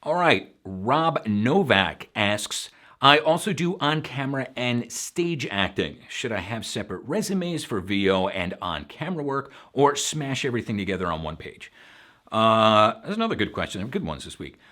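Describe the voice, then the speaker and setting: A man's voice: medium pitch, sing-song, normal speed, sharp tone. A man from Long Island with a faint New York accent, hosting a show and giving frank, casual advice full of fillers. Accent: slight Long Island New York. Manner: frank, conversational, many fillers. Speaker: voiceover show host.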